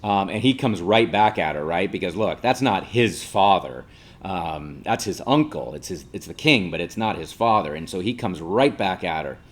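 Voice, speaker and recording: A man's voice: sits low, animated, moderate pace. A male teacher giving a casual classroom lecture, explaining patiently and checking in with listeners by asking 'right?'.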